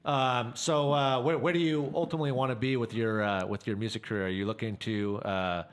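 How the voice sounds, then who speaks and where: A man's voice: medium pitch, steady tone, fairly quick. A man hosting a casual studio interview, rambling and repeating himself as he jokes with his guest. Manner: rambling, repeats words, joking. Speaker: host.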